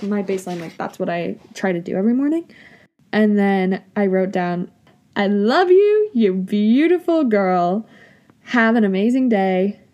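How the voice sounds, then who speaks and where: A woman's voice: medium pitch, mellow. A young woman in her twenties chatting casually to viewers, gushing and emotional, full of filler likes, reading bits from her journal. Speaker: vlogger. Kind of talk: casual chat.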